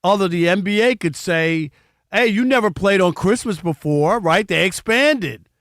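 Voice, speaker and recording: A man hosts a sports talk radio show in a high voice. He hedges and restarts as he talks things through, and the sound is dry and close. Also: animated, moderate pace, a bit bright, no room sound. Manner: conversational, hedging, restarts often.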